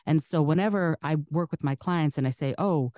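A woman from the Soviet Union, native Russian speaker, speaking broadcast-style American English as an interview guest, chatty and animated, laughing often. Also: sits low, a little fast, dry recording, studio quality. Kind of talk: casual interview storytelling.

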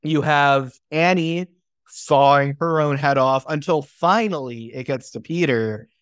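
A man on a podcast talks through a horror film's ideas in a thoughtful, explanatory way, with a few restarts. His voice sits a little high for a man. The sound is close and dry, with no room behind it. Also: unhurried, fairly bright tone, clear, resonant tone, no room sound. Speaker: podcast co-host. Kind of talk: casual movie discussion.

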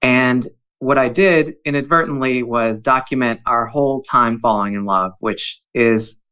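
Bright-voiced man reading his haiku. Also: medium pitch, unhurried, clean tone, rough recording. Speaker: podcast guest. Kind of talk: casual chat and poetry reading.

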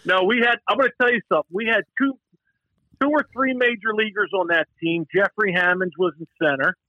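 A man eagerly swaps old team stories in a high, bright voice. The sound is dry and slightly muffled. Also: fairly quick, dry recording. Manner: eager, excitable storyteller. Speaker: guest, former teammate. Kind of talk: casual reminiscing.

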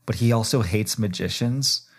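A man's voice: on the low side, moderate pace, breathy edge. Male podcast co-host: casual, joking, trips over his words. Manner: laughing, joking, stumbling restarts. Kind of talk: casual chat reviewing a TV episode.

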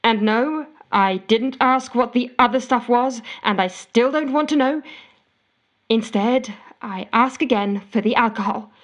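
Actress as a desperate, wry woman narrating in a comedic audio drama; exasperated, slightly high pitch. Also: a little slow, close to an everyday voice. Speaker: narrating character.

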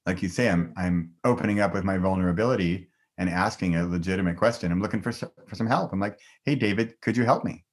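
Upbeat middle-aged man on a podcast, with a fairly low voice that jumps up in his excited, laughing moments. He chats casually and openly as a guest. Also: fast, few pauses. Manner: enthusiastic, upbeat, laughs often. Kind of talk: casual conversation.

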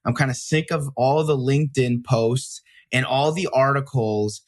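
A man's voice: mid-range voice, no echo. A man hosting a podcast in casual chat, upfront and joking as he talks. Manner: upfront, joking, quick-talking. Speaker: podcast host.

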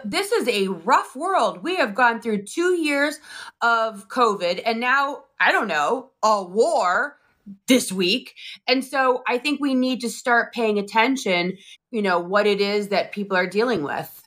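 A middle-aged woman co-hosting a casual live-stream chat, telling stories with animated back-and-forth. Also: a little high, unhurried. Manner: animated storyteller acting out both sides. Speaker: co-host.

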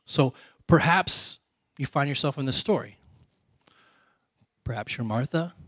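Male pastor, relaxed chatty sermon, quizzes the room, dry close sound. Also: mid-range voice, a little slow, no room sound. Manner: conversational, quizzes the congregation, drops to soft quiet lines.

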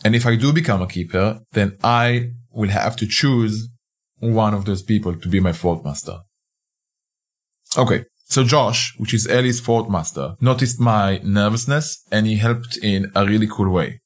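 A man's voice: lowish voice, normal speed. A man narrating a fiction podcast in the first person, speaking in a conversational, hesitant way with frequent restarts.

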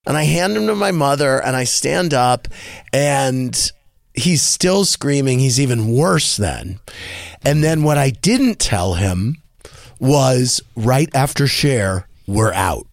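A man hosting a radio talk show, telling a story with a lively voice that swoops up and down. He talks slowly and a bit high, acting out the people he quotes. The studio sound is close and dry. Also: creaky, dry recording. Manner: animated, acts out quoted voices in a higher pitch. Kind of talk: casual storytelling chat.

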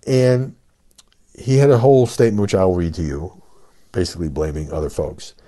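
Animated and at normal speed, an older man delivers conversational commentary on his solo podcast, with fillers and forceful rhetorical questions. He's a podcast host and media commentator whose low-pitched voice is mellow.

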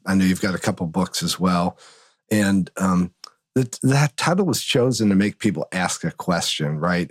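A man from Northern Illinois, a guest on a podcast interview, telling stories in an animated way with big swings in pitch. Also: no echo. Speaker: guest, agency consultant and author.

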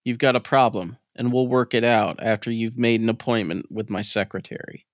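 A man's voice: medium pitch, steady tone, moderate pace, dry recording, studio quality, natural voice. A man reading the lines of a brusque, businesslike psychologist who cuts the caller off. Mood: curt. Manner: curt, interrupting.

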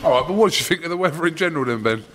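A man's voice: fairly high pitch, animated, very fast, fairly bright tone. A man with an Essex accent hosting a casual sports podcast interview, chatty and swearing freely, asking long rambling questions.

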